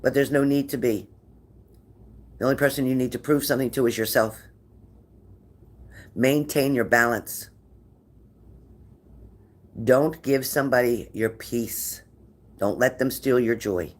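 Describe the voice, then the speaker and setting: A man's voice: mid-range voice, measured pace, pauses often. A man giving a tarot reading to viewers, talking in an encouraging way and often repeating his phrases. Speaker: tarot reader.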